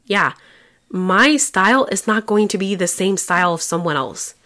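A woman's voice: mid-range voice, lively intonation, normal speed, bright, forceful tone. A woman therapist hosting a casual solo podcast, chatty and lighthearted with small jokes.

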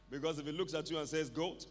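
A man preaching a fervent sermon, calling out to the congregation for responses. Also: fairly high pitch. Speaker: pastor. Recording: echoey hall with long reverb.

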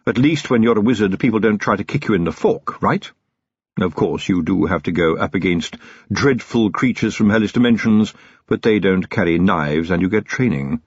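A man's voice: fairly low pitch, normal speed, breathy edge, no room sound. A man voicing a shrewd, cheeky middle-aged manservant who talks bluntly and knowingly, on a dull lo-fi audiobook recording.

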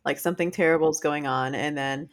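A woman co-hosting a podcast in casual chat, chatty and laughing often, animated when she retells stories. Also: deep voice, fast. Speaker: podcast co-host.

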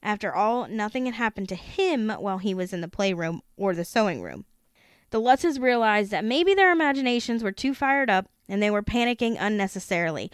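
A woman's voice: mid-range voice, animated, brisk, clean tone, no echo, studio quality. A woman podcast host reading a book aloud, with the occasional laughing aside.

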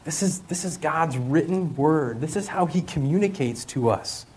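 High-voiced man preaching conversationally. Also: expressive, moderate pace, darkish tone, husky. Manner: conversational preaching with rhetorical questions and repetition. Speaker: school chapel speaker. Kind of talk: sermon.

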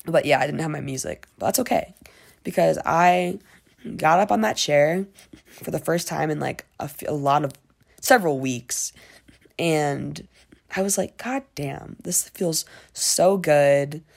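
A woman's voice: low voice, normal speed, vocal fry, long pauses. A young woman in casual diary-style chat, rambling with lots of fillers and frequent swearing. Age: young adult. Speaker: vlogger.

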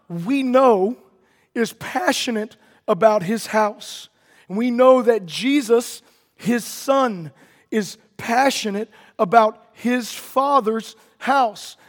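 A man's voice: high-pitched, long reverb tail. A man preaching a sermon earnestly, often repeating words and building to emphatic declarations.

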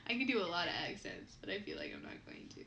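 A woman's voice: medium pitch, gravelly, highs cut off. A young Midwestern American woman co-hosting a podcast, chatting casually and laughing often. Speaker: podcast co-host. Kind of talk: casual chat. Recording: echoey room with faint noise.

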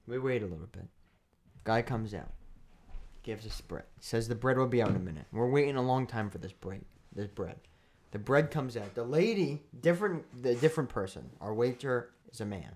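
A man's voice: mid-range voice, animated, normal speed, darkish tone. A man co-hosting a podcast in casual chat, telling a rambling, joking story. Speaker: podcast co-host.

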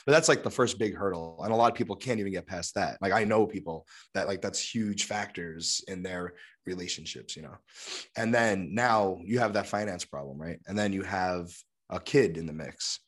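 A young adult man with a sore throat, chatting casually on a podcast with lots of fillers. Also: moderate pace. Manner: rambling, lots of fillers, puts on high voices for quotes. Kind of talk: casual chat.

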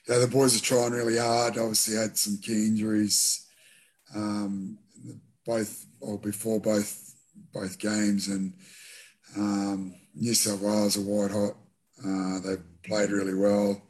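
A middle-aged Australian man, a former rugby league captain, speaking as a guest in a casual interview, relaxed and full of fillers and restarts. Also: lowish voice, slow.

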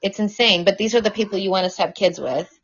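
A woman guest on a podcast, talking casually in an animated, outspoken way with plenty of profanity, in a dull lo-fi recording. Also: mid-range voice, quick pace. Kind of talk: casual conversation.

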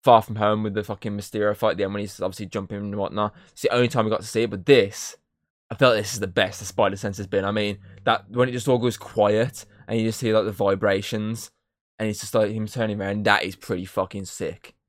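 A man chatting casually on a podcast about a film he saw, retelling scenes with lots of swearing and quick acted-out quotes. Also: on the low side, flat delivery, no room sound, studio quality. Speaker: podcast co-host.

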